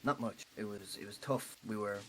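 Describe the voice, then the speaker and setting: A man's voice: lowish voice, fast, a bit bright, slight background noise, lightly acted, rough recording. A man voicing a weary former male prize fighter, speaking in a subdued, understated way. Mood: wry.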